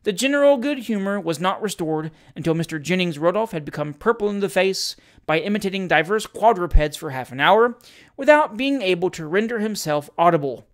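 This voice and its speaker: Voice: medium pitch, brisk. Theatrical reader of comic classic fiction. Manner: lively, theatrical narration with shouted character lines. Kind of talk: dramatic reading of a comic story.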